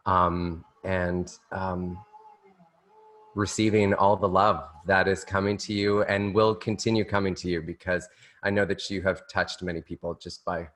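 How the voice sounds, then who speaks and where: A man's voice: low-pitched, a bit bright. A man hosting a podcast, speaking affectionately and gushing with praise to his guest, laughing often. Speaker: podcast host. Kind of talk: casual heartfelt interview.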